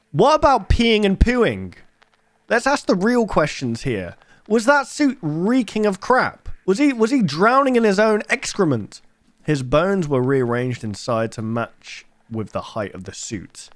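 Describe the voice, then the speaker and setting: A man's voice: mid-range voice, dry recording, studio quality. Chatty young man reacting. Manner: chatty, joking asides. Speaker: host. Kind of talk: casual reaction commentary.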